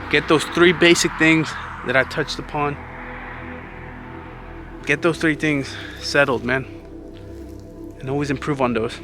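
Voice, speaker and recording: A man giving earnest, casual motivational advice in a vlog, a little out of breath, talking like a friend and calling the listener "man". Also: on the high side. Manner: earnest, conversational, says "man" often. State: slightly out of breath. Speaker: vlogger.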